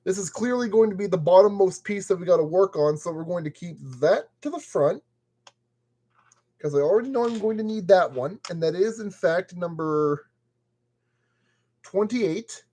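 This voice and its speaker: A man's voice: high-pitched, expressive, normal speed, dark tone. Playful man chatting through a build. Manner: playful, talks to the parts as he works. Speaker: model kit builder. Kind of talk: casual build commentary. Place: at a work table.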